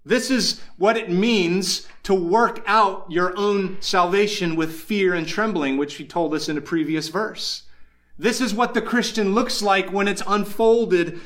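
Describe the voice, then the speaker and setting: A man delivers a Sunday sermon in a fairly high voice. He preaches earnestly, leaning on repeated phrases and drawing out the words he wants to stress. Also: unhurried, fairly bright tone. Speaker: pastor.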